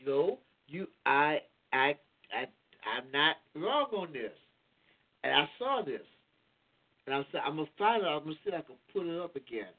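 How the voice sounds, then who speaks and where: A man co-hosting a casual political talk show, telling a story in disbelief and repeating himself for emphasis. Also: fairly high pitch. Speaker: podcast co-host. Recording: tinny phone-like sound.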